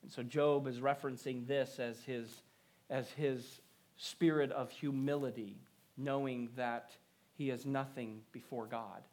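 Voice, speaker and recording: A male pastor preaching a sermon on Scripture, earnest and rising to emphasis, then dropping to quiet prayerful lines. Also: medium pitch, fairly even intonation, a little slow.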